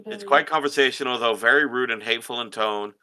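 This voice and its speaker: A man co-hosting a casual group podcast, explaining things haltingly with many restarts. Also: mid-range voice, sharp tone. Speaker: podcast co-host.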